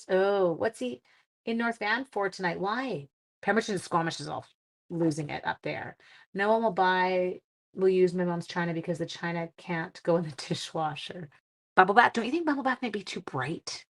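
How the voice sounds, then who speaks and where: A middle-aged Canadian woman hosting a live stamping stream, thinking aloud as she works and greeting viewers by name. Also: mid-range voice. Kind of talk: casual live craft demo chat. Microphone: live stream mic.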